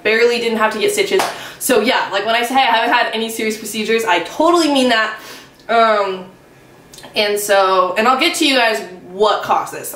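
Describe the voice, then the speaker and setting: A woman's voice: medium pitch, fairly bright tone, far from the mic, a little hiss or hum. Rambling young woman, echoey room. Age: 20s. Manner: rambling, filler-heavy, self-mocking. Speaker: vlogger. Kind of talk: casual storytime.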